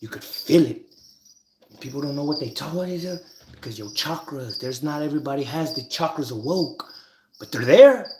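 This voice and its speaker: A man teaching about spiritual ideas in a casual, rambling monologue, swearing freely, restarting sentences, and getting loud and excited when he makes a point. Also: on the high side, moderate pace. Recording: echoey, with bird and cricket noise.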